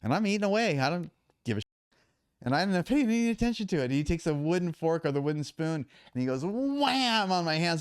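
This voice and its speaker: A man, a podcast guest and endurance athlete, telling animated stories in casual talk with many restarts. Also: high voice, fairly quick, clear, resonant tone, no echo, clean studio sound. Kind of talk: casual storytelling.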